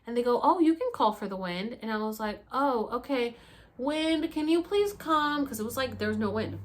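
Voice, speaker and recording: A young woman vlogger telling a story casually and animatedly, acting out her own pleas in high, loud bursts and swearing freely. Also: expressive, quick pace.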